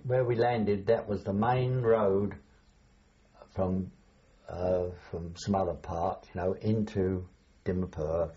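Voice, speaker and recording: Older male interviewee, hesitant storyteller, low warm voice on a dull recording. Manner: rambling, hesitant, chuckles while recalling. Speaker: veteran interviewee. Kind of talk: oral history interview.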